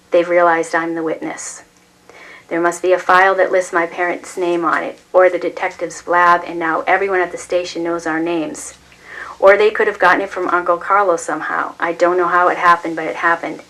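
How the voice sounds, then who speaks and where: A woman reading a novel aloud at a public reading night, steady and expressive. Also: lowish voice, normal speed, poor audio. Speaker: reader.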